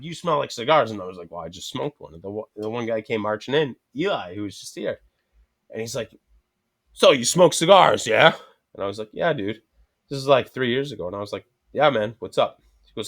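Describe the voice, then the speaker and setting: A man's voice: fairly low pitch, animated, brisk. A man telling rambling, profane anecdotes in casual chat, acting out both sides of each conversation.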